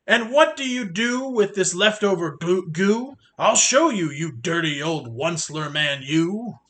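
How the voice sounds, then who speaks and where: A man's voice: sits high, animated, a little slow, fairly bright tone. A man voicing a fussy, scolding little male forest creature in a storybook reading, complaining and coughing.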